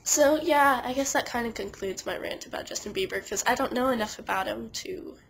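Young woman, nasal, sick and stuffy, casual vlog, rambling, animated storytelling. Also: on the high side, brisk, creaky, a little hiss or hum, low-quality recording. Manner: chatty, animated, lots of "like", funny voices for quoted people. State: sick and congested. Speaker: vlogger.

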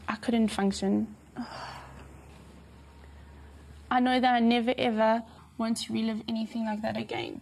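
A woman giving a documentary interview, speaking emotionally with halting restarts. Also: medium pitch, darkish tone, low-quality recording. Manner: emotional, halting, repeats words.

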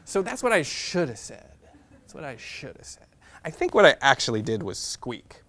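A man in his thirties tells funny stories about himself to a university class, in a voice of middling pitch. He is chatty and self-mocking, and fills his sentences with "like.". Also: very animated, moderate pace, a bit bright. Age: 30s. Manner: self-deprecating, chatty, full of "like" fillers. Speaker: guest speaker. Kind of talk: humorous personal storytelling talk.

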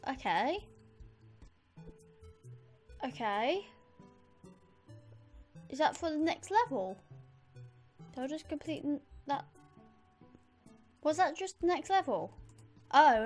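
A woman with a high, bright-pitched voice chats her way through a game, reacting eagerly and often addressing the viewers directly. Soft music plays faintly underneath. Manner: chatty, easily excited, talks to viewers. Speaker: gamer. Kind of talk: let's play commentary.

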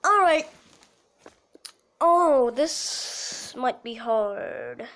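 High-voiced woman narrating her gameplay. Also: extremely slow. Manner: excitable, talks to herself while playing, cheers at goals. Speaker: mobile game player. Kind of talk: casual gameplay commentary.

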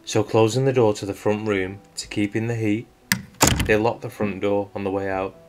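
A man telling a true-crime story as scripted narration, in a measured, suspenseful storytelling manner. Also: lowish voice, steady tone. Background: faint guitar music.

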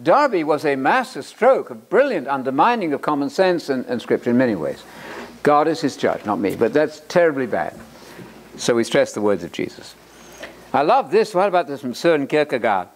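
Animated, joking male Bible lecturer. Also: medium pitch, normal speed. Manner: animated and joking, repeats words for emphasis, quotes authors aloud. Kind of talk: lecture-style sermon.

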